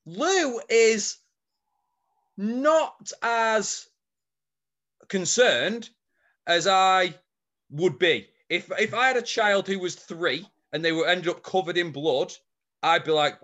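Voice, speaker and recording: A man's voice: sits high, slow pace, pauses often, sharp tone. A man, co-hosting a casual chat and retelling a story, laughing and swearing as he goes. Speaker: podcast co-host.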